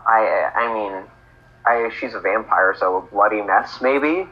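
A man co-hosting a comedic read-along, with dry deadpan sarcasm. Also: on the low side, measured pace, highs cut off. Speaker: podcast co-host.

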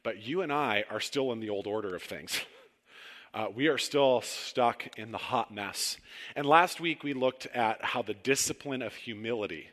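A man preaching a conversational sermon in a church sanctuary, telling personal stories with relaxed, self-deprecating humor. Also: medium pitch, moderate pace. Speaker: pastor. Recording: long hall reverb.

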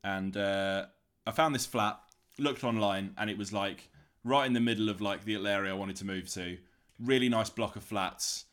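A man's voice: on the low side, moderate pace, clear, resonant tone. A man co-hosting a podcast over a remote call, telling a long anecdote in a casual way and acting out the other people's voices. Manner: animated, acts out voices in his anecdotes. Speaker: podcast co-host. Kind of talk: casual storytelling chat.

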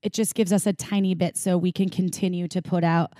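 A woman from Wisconsin co-hosting a podcast, animated and chatty, often laughing. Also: lowish voice, fairly quick, no echo, clean studio sound. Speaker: podcast co-host. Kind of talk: casual chat.

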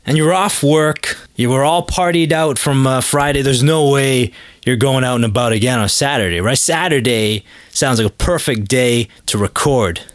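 A man's voice: medium pitch, normal speed, no room sound, clean studio sound. A man hosting a comedy podcast, talking in a hesitant, rambling, awkward way full of fillers. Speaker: podcast host. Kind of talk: comedic banter.

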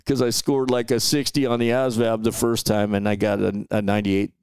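A middle-aged man tells stories in a loose, conversational way. His voice sits on the low side, with a gravelly edge to it. The sound is dry and close, with no room around it. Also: fairly quick, no echo. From Los Angeles. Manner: relaxed, chatty, peppers talk with "man" and "you know". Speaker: guest. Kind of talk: casual storytelling interview.

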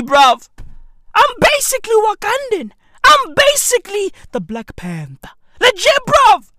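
A man ranting in a profane, rambling comedy monologue, swinging from mumbles to shouts. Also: very high voice, no room sound, clean studio sound. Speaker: comedic vlogger.

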